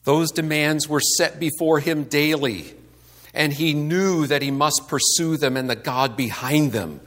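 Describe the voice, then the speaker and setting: A man's voice: a little high, a little slow, fairly bright tone. A man giving a conversational sermon to a congregation, asking rhetorical questions and acting out the complaints he quotes. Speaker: pastor.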